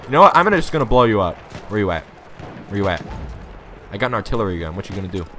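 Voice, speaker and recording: A man doing excitable, rambling commentary over his own gameplay into a USB desktop microphone at his home computer. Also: fairly low pitch, racing, slight background noise. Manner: rambling, excitable, talks to viewers. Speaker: gaming YouTuber.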